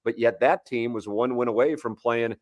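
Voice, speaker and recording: A man's voice: mid-range voice, moderate pace, a little mellow, dry recording. Man in his forties telling sports stories. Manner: rambling anecdotes with many restarts. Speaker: sports radio guest. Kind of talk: casual sports talk, storytelling.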